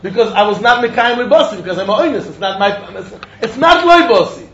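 In a dull lo-fi recording, a man gives a Talmud lesson in a high-pitched voice, talking fast. He's animated, acts out the quotes, and mixes in Yiddish and Hebrew terms.

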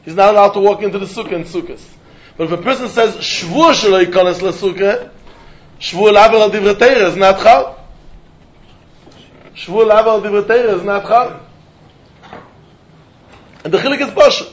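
A man teaching a Talmud lesson, mixing English with Yiddish and Hebrew terms in an animated, sing-song line of reasoning. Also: sits high, a little fast, long pauses. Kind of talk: Talmud study lecture. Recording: dull lo-fi recording.

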